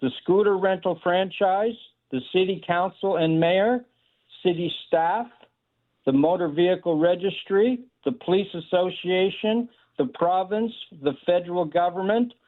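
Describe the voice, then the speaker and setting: A man's voice: high voice, measured pace. A man calling into a radio show, setting out a long hypothetical question step by step, with hesitant fillers. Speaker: caller. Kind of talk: phone-in question. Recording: tinny phone line.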